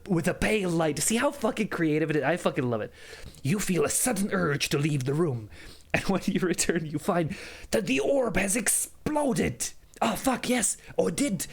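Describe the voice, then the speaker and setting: A man casually commenting while playing an AI role-play game, reading its text aloud, laughing often and swearing. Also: a little high. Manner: quieter, softer delivery later on.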